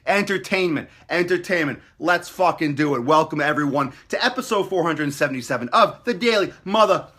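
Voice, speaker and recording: Male fitness vlogger, loud profane hype man, punchy tense tone. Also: a little high, expressive, fairly quick, hardly any pauses, slightly rough. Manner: profane, mocking, hyped-up. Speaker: fitness vlog host. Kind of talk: brash motivational rant.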